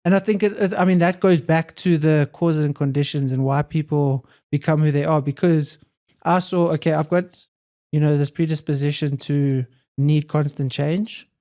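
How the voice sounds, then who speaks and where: A man's voice: a little high, steady tone, normal speed, mellow. A young adult man, a podcast guest, talking in an earnest, reflective way and often repeating phrases. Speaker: podcast guest, hybrid athlete. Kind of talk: casual conversation.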